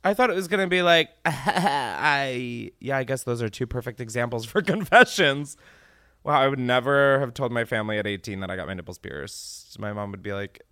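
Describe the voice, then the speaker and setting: A male podcast host chatting casually, drifting off on tangents, laughing at himself and swearing without a second thought. His voice sits in a middle pitch and is recorded very dry, close and without any room sound. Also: normal speed, pushed and bright, clear, resonant tone, dry recording. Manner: rambling, laughing, swearing freely. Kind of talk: casual chat.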